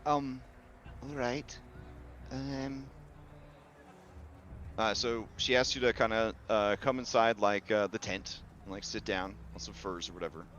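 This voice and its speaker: Man, game master, casual narration, filler-heavy, low-ish voice, slightly muffled with faint hiss. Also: fairly even intonation, measured pace, pauses often, a bit bright.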